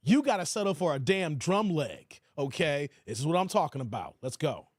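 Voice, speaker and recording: A man's voice: fairly high pitch, big pitch swings, moderate pace, dry recording, clean studio sound. A man hosting a livestream, reacting to a video and talking to his chat in slang with mocking asides.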